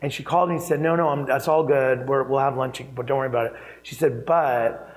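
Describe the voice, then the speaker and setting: A man speaking as a keynote guest in an on-stage interview, telling anecdotes in a chatty, animated way with frequent fillers and laughter. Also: mid-range voice, fast, low-quality recording. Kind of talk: conversational storytelling on stage.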